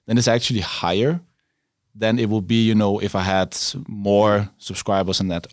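A man with a fairly low voice talks things through in an easygoing podcast conversation. He thinks aloud and keeps checking in with his partner. The sound is close and dry. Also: steady tone, normal speed, no echo. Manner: reflective, frequent "right?" tags. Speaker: YouTuber, podcast co-host. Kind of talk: casual chat.

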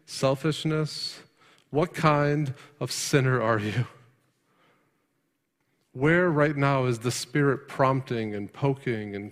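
A man preaching a sermon, firing rhetorical questions and swinging from emphatic peaks to quiet, hushed lines. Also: mid-range voice. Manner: rhetorical questions, rising to emphatic then dropping soft. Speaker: pastor. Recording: long hall reverb.

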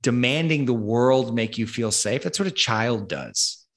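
A man's voice: medium pitch, a little slow. A man hosting a conversation, ranting angrily and emphatically with lots of swearing. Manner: profane, angry, emphatic ranting. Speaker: podcast host.

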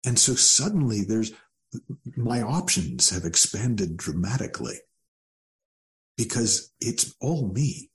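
A man speaking as a guest coach in an interview, calm and thoughtful with a gently wry turn. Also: on the low side, takes it slowly, long pauses. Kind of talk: reflective interview talk.

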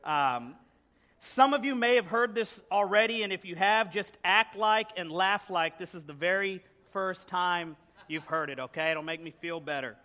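A man's voice: high voice, normal speed, sharp tone. A man preaching a sermon as a guest preacher in a church, telling a story with playful joking asides. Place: church sanctuary.

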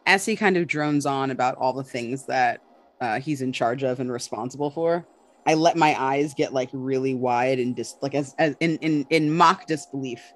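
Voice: medium pitch, moderate pace. Hesitant player describing their moves. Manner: hesitant, filler-heavy, reflective. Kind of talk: describing actions in a tabletop game.

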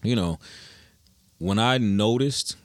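A man's voice: on the low side, slow, dry recording. A young man telling stories in casual, slangy talk as a musician guest in an interview. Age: young adult. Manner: laid-back slangy storytelling.

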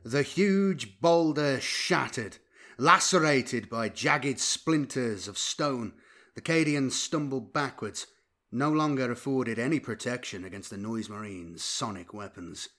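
A man reading war fiction aloud as an audiobook, with an intense delivery that swells sharply in loudness. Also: mid-range voice, animated, a little slow. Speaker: narrator.

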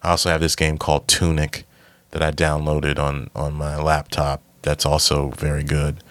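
Male podcast host, stand-up comic, deep low voice, dry sound, loose rambling chat full of fillers. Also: completely flat delivery, normal speed, a bit bright, no echo. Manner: rambling, self-correcting, filler-heavy.

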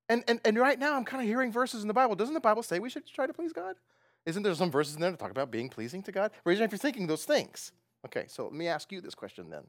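A man's voice: high-pitched, huge pitch swings, racing, dry recording, clean studio sound. A man preaching a sermon, talking conversationally, asking the audience questions and often laughing. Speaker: pastor.

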